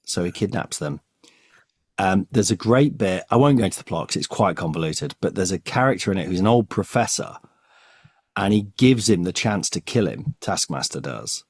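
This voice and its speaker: A man co-hosts a casual podcast, retelling comic plots with relish and slipping into the characters' lines. His voice sits on the low side. The sound is dry and close. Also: very animated, moderate pace, slightly rough, no room sound. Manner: enthusiastic, storytelling, acts out quotes. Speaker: podcast co-host. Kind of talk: casual comic-book chat.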